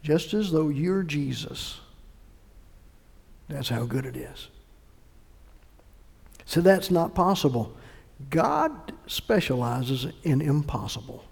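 A male pastor preaching a sermon, emphatic, swinging between loud bursts and hushed lines. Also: fairly high pitch, very animated, slow, vocal fry, pauses often, breathy edge, long reverb tail.

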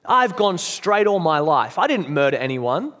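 A man's voice: on the high side, very animated, moderate pace, a bit bright, in a large hall. A man voicing a big, coarse male ghost from hell who insists on his rights in a blustering, self-righteous way. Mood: indignant.

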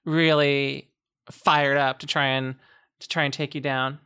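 A woman's voice: a bass voice, flat delivery, unhurried, fairly bright tone, clean tone, no echo, studio quality. A woman game master narrating a tabletop game in a rambling way, with lots of restarts and laughs.

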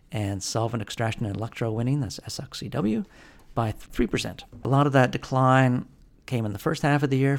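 A man with a gravelly, fry-edged voice runs through metal prices and market news in a loose, conversational way. He pauses often with fillers and restarts, and his voice sits at a middling pitch. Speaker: podcast host. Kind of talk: casual market commentary.

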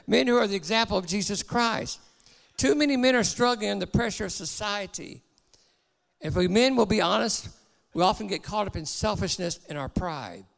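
A man's voice: high-pitched, creaky, fairly bright tone, long reverb tail. A man preaching a sermon in church, earnest and exhorting.

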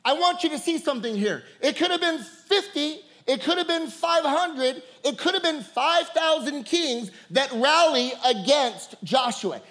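A man's voice: very high voice, lively intonation, measured pace, few pauses, pushed and bright. A man preaching a sermon, repeating words and calling out to the congregation, laughing often. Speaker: pastor.

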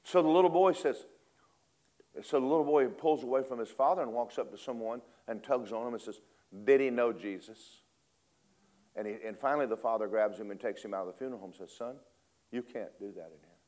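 A man preaching a storytelling sermon, animated, acting out voices and laughing often. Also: medium pitch, quick pace.

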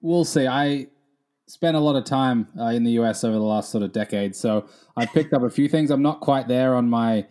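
A man in his thirties answering interview questions as a guest, speaking in a measured, articulate way. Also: medium pitch, warm tone. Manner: measured, articulate with some fillers. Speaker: guest, gaming attorney. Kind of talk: casual interview.

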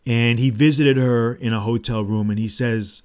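A man's voice: medium pitch, fairly even intonation, normal speed, a little mellow, clear, resonant tone. A man hosting a solo podcast, talking in a casual, rambling way with restarts and asides. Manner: paraphrases movie dialogue in his own voice. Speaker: podcast host.

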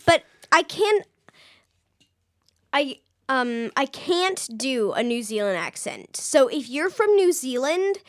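High-voiced bubbly young woman. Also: sing-song, takes it slowly, no room sound, studio quality. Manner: bubbly, rambling, giggly. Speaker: podcast co-host. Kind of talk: casual chat.

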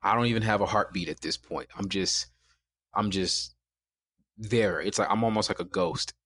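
Low-voiced man telling a story calmly. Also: moderate pace, slightly rough. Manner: calm, quoting others in his own voice. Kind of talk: casual storytelling.

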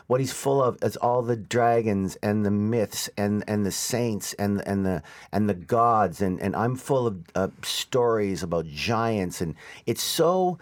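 A stage actor talking excitedly in a studio interview, tripping over and repeating his words. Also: fairly low pitch. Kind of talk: animated interview chat.

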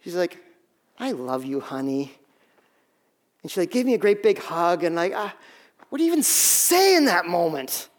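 Male pastor, high voice, relaxed sermon with self-deprecating asides and lots of restarts. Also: brisk. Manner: conversational, self-deprecating storytelling with many restarts.

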